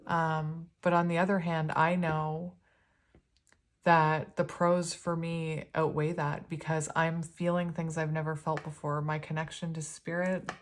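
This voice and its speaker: A woman's voice: low voice, flat delivery, measured pace. A woman giving a casual spiritual tarot reading, talking in an earnest, rambling way with lots of "like" and "you know". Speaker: tarot reader.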